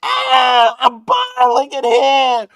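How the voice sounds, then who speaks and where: A man voicing a soldier trapped in a burning tank, shouting high and loud. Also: big pitch swings, extremely slow, full character voice. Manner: shouting, echoing, yelling out loud.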